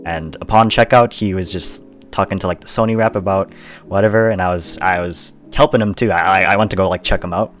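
A young man with a very low voice, telling a store story at an easy, rambling pace and laughing along the way. Faint music plays softly behind him. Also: steady tone, brisk. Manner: laid-back, laughs often, rambling with fillers. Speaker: podcast co-host. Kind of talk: casual chat.

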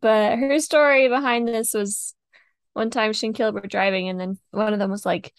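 A young woman co-hosting a podcast, chatty and quick to laugh. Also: mid-range voice, fairly even intonation, creaky, clear, resonant tone, no room sound. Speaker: podcast co-host. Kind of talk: casual chat.

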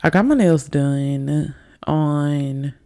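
A young woman hosts her own podcast in loose, rambling chat, a little tipsy and calling her listeners y'all. Her voice is low-toned and mellow with a gravelly, fry-laden edge. She speaks into a desk mic on camera. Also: drawn-out words. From Alabama, US. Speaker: podcast host. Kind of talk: casual solo podcast chat. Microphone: desk microphone on camera.

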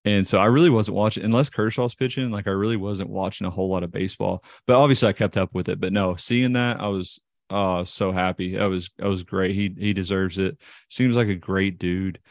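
A man's voice: sits low, fairly even intonation, brisk, dry recording, studio quality. A man, a ballplayer guest telling rambling, self-deprecating stories in an interview. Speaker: interview guest, baseball player. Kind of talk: casual storytelling interview.

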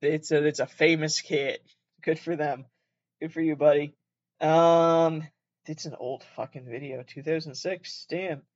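A man's voice: a little high, muffled recording. A young man from Canada with a Canadian accent, hosting a podcast in a casual, rambling way, swearing a lot and often correcting himself. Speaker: podcast host. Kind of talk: casual solo podcast chat.

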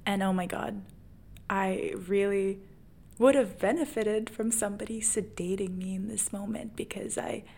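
A woman's voice: medium pitch, fairly even intonation, normal speed, gravelly, darkish tone. A woman in her twenties hosting a podcast, telling a personal story in a candid, emotional way with many fillers. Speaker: podcast host. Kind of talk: personal monologue.

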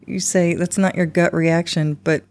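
Self-mocking podcast woman, lower voice. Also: steady tone, a little mellow. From United States. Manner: laughing and self-deprecating, quick asides. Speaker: podcast co-host. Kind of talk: casual chat.

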